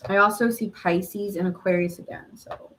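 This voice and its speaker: A woman's voice: medium pitch, steady tone, moderate pace, a bit bright, slight background noise, poor audio. A woman hosting a live tarot reading stream, chatting casually and answering viewer comments with frequent laughs.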